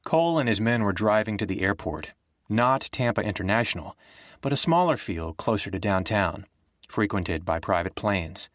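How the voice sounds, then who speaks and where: A man narrating a thriller audiobook in a steady, measured way. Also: on the low side, no room sound, clean studio sound. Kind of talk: scripted narration.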